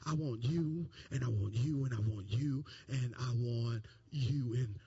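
A man preaching who puts on the voice of Jesus choosing his followers, slow and deliberate. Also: vocal fry, warm tone, slightly rough, heavily acted. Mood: calling. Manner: slow, deep, deliberate calling out. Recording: dull lo-fi sound.

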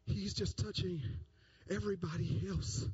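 A man preaching a sermon, telling the story with lots of repetition and bursts of loud emphasis. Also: high-pitched, unhurried, slightly rough. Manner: animated storytelling, repeating phrases, rising to shouts. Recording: dull lo-fi sound.

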